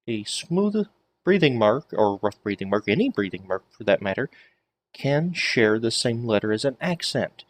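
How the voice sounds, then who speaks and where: A man teaching a language lesson, patiently spelling out letters and sounding out words as he asks and answers his own questions. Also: fairly low pitch. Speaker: Greek teacher. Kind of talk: slow spoken lesson.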